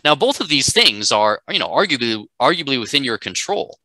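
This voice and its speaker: A man's voice: mid-range voice, sing-song, brisk, bright, forceful tone, no room sound, rough recording. A man teaching a live class, emphatic and conversational, often checking in with "right?". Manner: emphatic, keeps asking "right?". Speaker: instructor.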